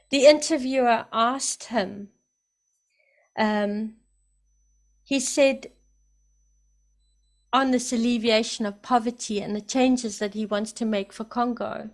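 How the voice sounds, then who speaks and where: A woman giving emphatic, excited spoken commentary, often repeating herself for emphasis. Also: on the high side. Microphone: computer mic, camera off.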